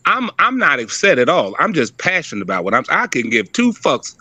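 An older man with a high, lively voice swinging all over, sharp and piercing in tone. He rants profanely and emphatically in casual podcast talk, recorded dry and close. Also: fairly quick, husky, dry recording. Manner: profane, emphatic, animated rant. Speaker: podcast co-host.

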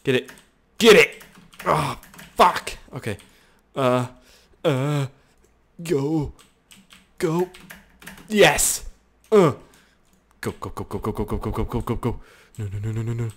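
A man giving excitable let's play commentary, swearing freely, yelling at his game characters and mocking himself. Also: mid-range voice, takes it slowly, pauses often, breathy edge. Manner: self-mocking banter. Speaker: gaming YouTuber.

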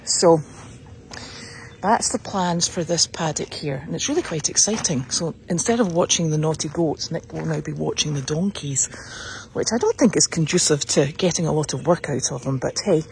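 A woman's voice: low voice, moderate pace, gravelly, darkish tone, slight background noise. A woman who keeps an animal sanctuary, chatting upbeat in a casual vlog while she walks the paddocks outdoors, filming on a handheld phone. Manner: chatty and upbeat, cooing at her puppy. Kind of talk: casual walk-around vlog. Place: outdoors on a farm, walking the paddocks.

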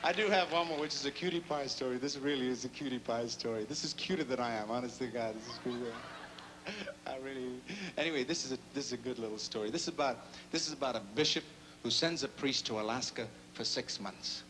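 On a large casino showroom stage, a male singer jokes with the crowd between songs, cheeky and self-mocking while a bit tired and catching his breath. His mid-range, fairly bright voice moves quickly with few pauses, and the live concert recording is noisy.

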